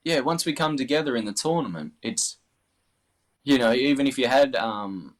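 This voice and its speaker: A man's voice: medium pitch, animated, normal speed. Australian man in rambling casual chat. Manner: rambling, many restarts and fillers. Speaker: interview guest, darts player.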